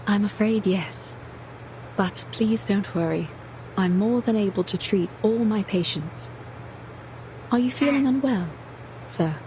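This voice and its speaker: A man voicing a calm, courteous blind woman doctor in a game, spoken from away from the mic with faint noise behind. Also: high voice, unhurried, pauses often, pitched above the performer's own voice, low-quality recording. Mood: polite. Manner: gentle and courteous. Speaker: streamer reading game dialogue.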